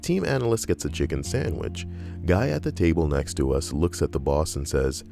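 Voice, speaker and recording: Deep-voiced, profane, rambling male storyteller. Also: animated, normal speed, gravelly, warm tone, soft background music. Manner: profane, sarcastic, rambling asides. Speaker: story reader and commentator. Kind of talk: reading stories aloud with reactions.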